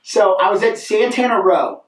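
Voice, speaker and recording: A young man co-hosting a podcast, telling a rambling, animated story in casual chat and often asking "right?". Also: sits high, moderate pace. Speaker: podcast co-host. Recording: echoey room, mic at a distance.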